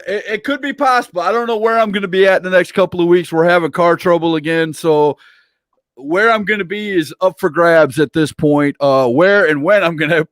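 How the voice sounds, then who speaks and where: A man's voice: a little high, fairly bright tone, dry recording, studio quality. A man hosting a casual livestream interview, playful and teasing as he reads viewer comments aloud. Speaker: interview host.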